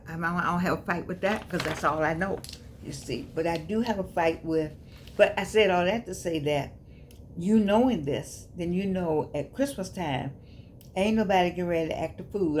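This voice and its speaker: A woman's voice: fairly low pitch, a little hiss or hum. A woman giving a casual, heartfelt talk to her viewers, repeating and stumbling over her words in a preacherly way. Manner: repetitive, stumbling, emotional, preacherly. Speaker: author and host giving a daily talk.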